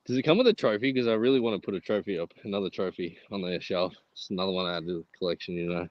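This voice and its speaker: A man's voice: low-pitched, rapid-fire, no echo, muffled recording. A man in casual, crude banter with friends while gaming, joking and swearing. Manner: joking, swearing, laughs often.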